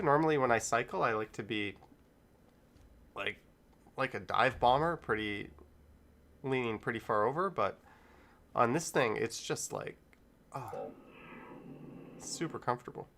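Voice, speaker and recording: A man's voice: medium pitch, animated, a little slow, long pauses, fairly bright tone. A middle-aged man hosting a casual live stream, rambling in an easygoing way and chuckling often. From Canada.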